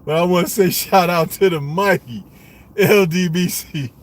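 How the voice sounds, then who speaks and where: A man's voice: high-pitched, moderate pace. A middle-aged man hosting a live stream, chatting casually, laughing often and swearing a lot as he rides in a vehicle. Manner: laughs often, slangy and profane.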